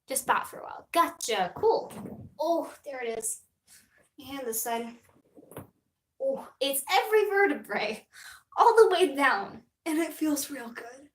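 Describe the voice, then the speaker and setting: Young woman, live streamer, rambling, giggly, self-deprecating, somewhat high voice, roomy echo, a bit off-mic. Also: expressive, a little slow, long pauses, distant mic. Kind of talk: casual livestream chat.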